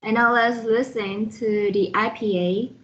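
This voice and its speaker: A woman with a fairly high voice walks through a phonetics lesson at a very slow, careful pace. She spells words out letter by letter as she explains them. The sound is dull and lo-fi. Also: fairly even intonation, a bit bright, slight background noise. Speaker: student presenter reviewing a phonetics lesson.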